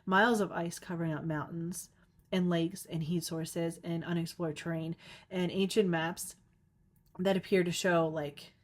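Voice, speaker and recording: A woman's voice: fairly low pitch, steady tone, a little slow. A young woman hosting her own podcast, rambling casually with lots of filler words and frequent giggles. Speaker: podcast host. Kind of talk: casual solo podcast monologue.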